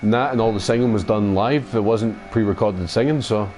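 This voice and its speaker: Sweary Scottish man, low-pitched gamer chat. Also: a little fast, darkish tone, soft background music. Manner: rambling, sweary banter. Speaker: gaming channel host. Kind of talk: casual chat while playing a racing game.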